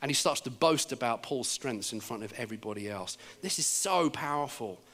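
A man with an English accent preaching a sermon in a church, telling stories in an animated way and acting out the words of the people in them. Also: medium pitch, fairly quick. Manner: animated storytelling, acting out quoted speech. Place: church service.

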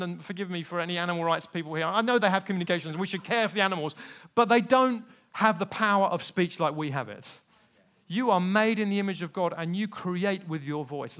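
A man preaching a sermon, telling personal stories candidly and swinging between quiet asides and loud, emphatic peaks. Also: high voice. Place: church service.

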